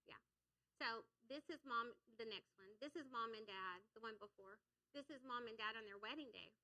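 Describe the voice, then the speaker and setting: A woman's voice: a little high, normal speed, sharp tone, rough recording. A woman giving a sermon in a church, energetically coaxing the congregation to call back and repeat lines. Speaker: church speaker. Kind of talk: sermon with audience call-and-response. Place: church sanctuary.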